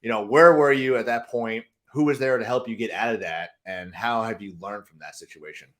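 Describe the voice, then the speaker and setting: A man's voice: lowish voice, a little fast, a bit bright. A man hosting a podcast, asking long, rambling questions in a casual tone. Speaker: podcast host.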